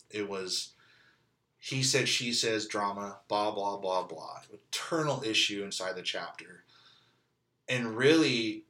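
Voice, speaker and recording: Very bright-voiced man from California. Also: fairly low pitch. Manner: candid and conversational, peppered with "like" and "you know". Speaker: interview guest sharing testimony. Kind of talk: casual storytelling.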